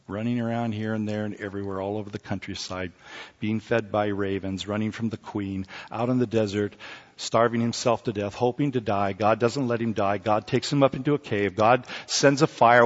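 A middle-aged man preaching a sermon, swinging between loud exclamations and hushed near-whispers, with joking asides. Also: lowish voice, fairly even intonation, moderate pace, in a large hall, highs cut off.

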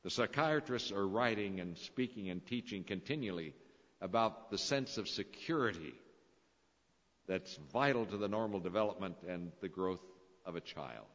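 A man's voice: low-pitched, lively intonation, normal speed, fairly bright tone. A man preaching a sermon, telling stories with dramatic, swelling emphasis. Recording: dull lo-fi recording in a reverberant hall.

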